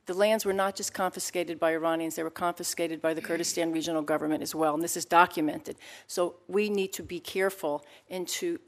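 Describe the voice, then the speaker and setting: A woman's voice: on the low side, fairly even intonation, brisk. A woman giving testimony at a hearing, speaking earnestly and emphatically, often restarting her sentences. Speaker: expert witness at a hearing.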